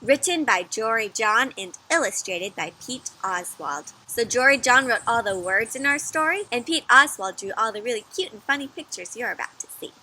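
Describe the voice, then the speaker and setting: A woman reading a picture book aloud to children in a teacherly way, pausing often to ask them questions. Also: fairly high pitch, animated, pushed and bright. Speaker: children's story reader. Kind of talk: interactive read-aloud for kids.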